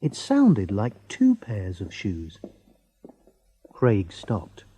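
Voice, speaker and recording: Slow deliberate male story narrator. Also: lowish voice, wildly swooping pitch, warm tone, slightly rough. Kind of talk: slow graded-reader narration.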